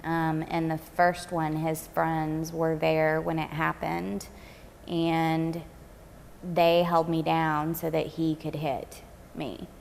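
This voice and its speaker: A woman recounting her own experience in a documentary interview, speaking in a soft, reflective way with casual fillers. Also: low-pitched, flat delivery, takes it slowly, creaky, a little hiss or hum. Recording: long hall reverb.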